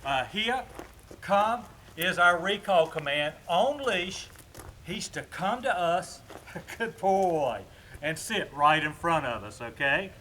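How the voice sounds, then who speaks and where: A man's voice: sits high, lively intonation, slow pace, sharp tone, slight background noise. A man teaching dog obedience training, explaining commands to viewers in a chatty, instructive way while working with a puppy outdoors.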